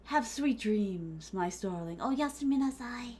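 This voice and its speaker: Chatty, playful woman streamer, a bit high. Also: animated, unhurried, mellow, a little hiss or hum. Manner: chatty, playful, talks to chat as "my starlings"; drops in Japanese phrases. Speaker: VTuber streamer. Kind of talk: casual gaming stream chat.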